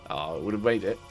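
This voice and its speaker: A man narrating as game master, loose and hesitant, often laughing. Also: lowish voice.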